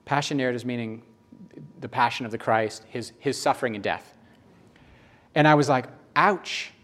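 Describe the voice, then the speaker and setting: A man's voice: medium pitch, normal speed. Male preacher for a sermon read: emphatic, repeats lines, mid-range voice. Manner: emphatic, repeats phrases, swings between loud and hushed.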